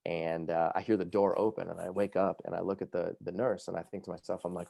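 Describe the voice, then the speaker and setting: A man telling his own story as a podcast guest, lively and quick, with many fillers like "you know" and "like". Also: low-pitched, creaky, dry recording, clean studio sound. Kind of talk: animated personal storytelling.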